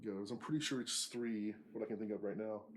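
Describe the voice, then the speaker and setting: A young man hosting a casual chat, teasing and quick to laugh. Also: fairly low pitch, steady tone. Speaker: podcast host. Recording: faint background noise.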